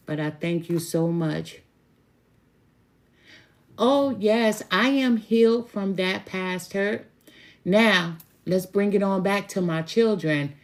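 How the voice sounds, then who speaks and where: A middle-aged woman tarot reader chatting casually and bluntly with viewers, with laughing asides. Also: fairly low pitch. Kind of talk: casual spiritual chat to viewers.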